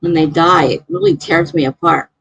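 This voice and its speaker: A woman's voice: low voice, huge pitch swings, moderate pace, creaky, a bit bright, slightly rough, dry recording, poor audio. A woman hosting a live stream, chatting casually and reading out viewer comments in a rambling way.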